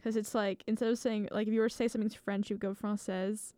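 An American woman hosts a music show in a loose, rambling chat full of "like" and restarts. Her voice is smooth and clean. It sits close and dry on the mic. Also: fairly high pitch, flat delivery, very fast, mellow, no room sound. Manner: chatty and rambling, many likes and restarts. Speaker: radio show host.

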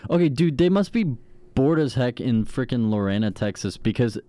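A young man co-hosting a casual chat, trading deadpan quips and heated rants. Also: medium pitch, normal speed, no room sound. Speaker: podcast co-host.

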